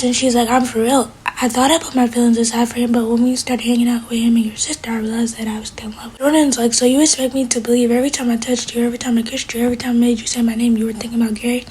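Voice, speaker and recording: A woman runs through a TV episode at a brisk clip, quoting each character and throwing in blunt opinions of her own. Her voice is strongly airy and husky, sits a bit high, and stays level in pitch. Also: darkish tone, low-quality recording. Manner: retells scenes by quoting each character with "she's like"; adds blunt personal asides to the characters. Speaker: TV episode reviewer. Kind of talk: casual episode recap.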